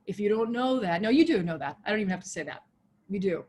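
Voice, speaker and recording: A woman pastor preaching a sermon over a video call, swinging from loud, soaring exhortation to a hushed prayer voice. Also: medium pitch, expressive, fast, slight background noise. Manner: impassioned, rises loud then drops to hushed prayer. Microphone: video call mic.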